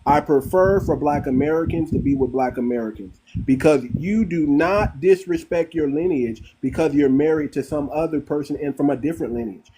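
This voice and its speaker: A man hosting a live online audio room, arguing forcefully and repeating phrases for emphasis. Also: fairly high pitch, normal speed, few pauses, breathy edge, poor audio. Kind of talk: heated live-stream debate.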